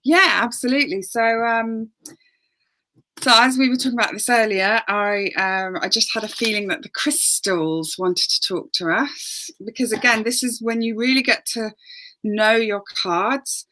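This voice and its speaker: A woman, a guest and oracle card reader, explaining in a relaxed, gentle way with many fillers. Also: a little high, measured pace. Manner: gentle, hesitant with fillers, acts out voices.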